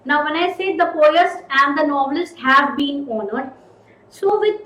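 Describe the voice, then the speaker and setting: A woman teaching a recorded grammar lesson, repeating and stressing key words slowly. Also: high voice, animated, fairly bright tone, reverberant, rough recording.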